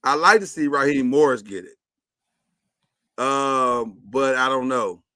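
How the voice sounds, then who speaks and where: Opinionated bright-voiced male sports host. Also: mid-range voice, unhurried, no echo. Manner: chatty, opinionated, runs the segments. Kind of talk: casual sports talk.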